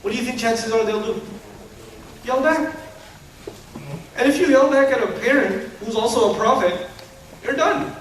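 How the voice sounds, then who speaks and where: High-voiced male lecturer in an echoey hall. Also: normal speed, pauses often, a little hiss or hum. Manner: animated and humorous, rhetorical questions. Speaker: Islamic lecturer. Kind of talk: lecture to an audience. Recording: echoey hall, distant mic.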